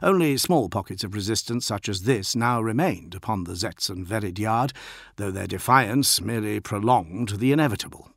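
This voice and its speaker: A man narrating an audiobook in a steady, dramatic reading. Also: on the low side, moderate pace, vocal fry, dry recording, clean studio sound.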